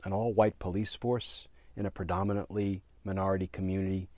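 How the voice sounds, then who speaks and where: A man's voice: sits low, flat delivery, brisk, a little mellow, no room sound. A man, a former prosecutor, telling a courtroom story in an earnest speech on policing, with many fillers and emphatic repeated phrases.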